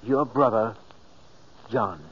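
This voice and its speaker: A man's voice: lowish voice, slow pace. An actor playing a puzzled man who finds he wrote a letter in his sleep, in 1940s radio acting. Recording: dull, noisy 1940s radio broadcast.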